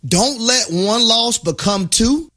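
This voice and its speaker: High-voiced man issuing urgent warnings. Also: lively intonation, takes it slowly, bright, forceful tone. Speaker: radio sports analyst. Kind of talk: casual radio sports talk.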